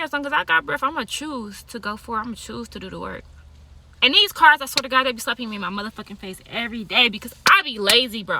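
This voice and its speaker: Woman vlogger, tarot and yoga type; blunt, profane, laughs a lot; bright, fairly high voice. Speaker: tarot card reader and yoga teacher. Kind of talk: casual monologue to camera.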